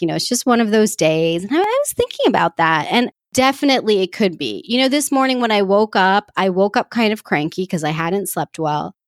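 A young adult woman hosting a podcast, telling a personal story in a casual, animated way and acting out the people she quotes. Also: mid-range voice, no room sound, studio quality. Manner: animated, acts out quoted voices. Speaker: podcast host.

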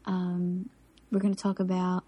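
A woman's voice: fairly low pitch, monotone, measured pace, warm tone, slightly rough. Chatty woman with a South Philly accent. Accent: South Philadelphia. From South Philadelphia. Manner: chatty, giggly, many fillers. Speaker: podcast host. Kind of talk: casual chat.

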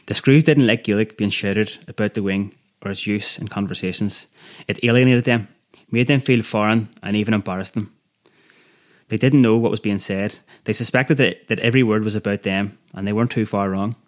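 A man reading a first-person memoir in an earnest, measured way. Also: lowish voice, fairly even intonation. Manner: earnest, measured, quietly emotional. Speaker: reader.

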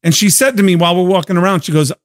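A hoarse man hosting a casual livestream chat, telling stories in an animated, slangy way. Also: high voice, rapid-fire. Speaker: show host.

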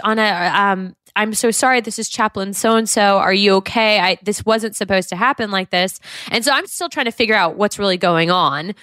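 A woman's voice: lowish voice, pushed and bright, clean tone, dry recording, studio quality. Earnest woman telling a personal story. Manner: earnest, with many fillers and restarts. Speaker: guest telling her story.

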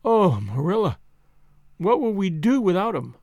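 Man reading as a grieving orphan girl, earnest and heartfelt, high voice, dry close sound. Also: very animated, measured pace, vocal fry, darkish tone, no echo, full character voice. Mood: sobbing. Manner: earnest, tearful pleading.

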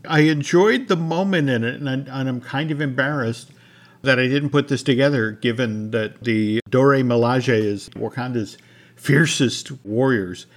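A man's voice: mid-range voice, moderate pace. Chatty man co-hosting a podcast. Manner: conversational, many restarts, reads sponsor copy. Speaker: podcast co-host. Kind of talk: casual chat and news reading.

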